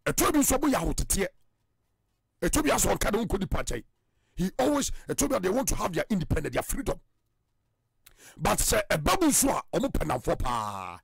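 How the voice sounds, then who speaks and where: A man with a Ghanaian accent preaching in an emphatic way that keeps rising to loud bursts. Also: high-pitched, sing-song, a little fast, gravelly, long pauses, breathy edge, dry recording, clean studio sound. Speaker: evangelist. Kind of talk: preaching in Twi and English.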